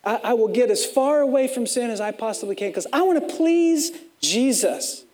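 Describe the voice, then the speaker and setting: A male pastor preaching a sermon in an animated way, often acting out the people he quotes and repeating words as he builds each point. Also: extremely high pitch, moderate pace.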